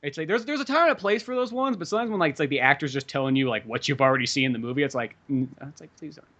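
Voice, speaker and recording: Male podcast host, quick and sharp-toned, loose and profane, acts out quotes; dull lo-fi sound. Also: a little high. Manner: rambling, swears a lot, acts out quotes. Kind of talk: casual chat.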